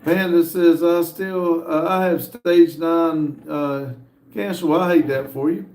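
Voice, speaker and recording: Live-stream host, male, gravelly and slightly high voice, roomy echo, reads chat aloud haltingly. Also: fairly even intonation, darkish tone. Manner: reads comments aloud with frequent "uh" pauses. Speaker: livestream host reading viewer chat.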